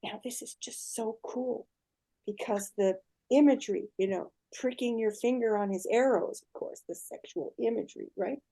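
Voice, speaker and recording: Speaking like a guest on a laid-back podcast interview, an older woman tells a myth in an animated way and keeps checking in with whoever is listening. Her high voice is gravelly, mellow and warm instead of bright.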